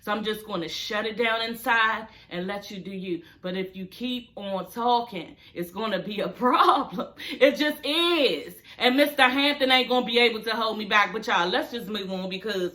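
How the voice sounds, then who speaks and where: A woman's voice: medium pitch, normal speed, sharp tone. A woman talking straight to her viewers in a casual review vlog, blunt and profane, with plenty of sass. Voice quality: sassy, blunt and profane, addressing viewers directly. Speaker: TV show reviewer.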